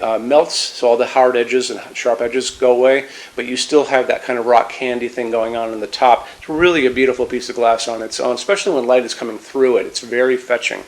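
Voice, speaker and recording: A man's voice: mid-range voice, steady tone, moderate pace, rough recording. A man casually presenting a light fixture, talking straight to viewers in a chatty, conversational way. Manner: chatty, addresses viewers directly, frequent restarts. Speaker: lighting salesman presenting a product. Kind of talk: casual product walkthrough.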